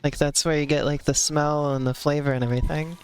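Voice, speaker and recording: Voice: medium pitch, fairly even intonation, quick pace, darkish tone, clean tone. A streamer chatting casually while playing a video game, rambling with lots of filler words and giggling often.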